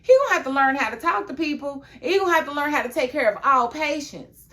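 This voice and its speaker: Woman doing a chatty tv episode review, fairly high voice, emphatic, laughs a lot. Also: fast talker. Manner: emphatic and animated, with frequent laughs; chatty, drops into a low, confiding tone. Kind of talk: casual video review.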